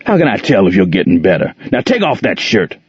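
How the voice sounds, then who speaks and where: A man voicing a gruff, domineering grown man who growls coarse commands. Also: low-pitched, wildly swooping pitch, a little fast, no room sound, full character voice. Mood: menacing. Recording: slightly dull lo-fi recording.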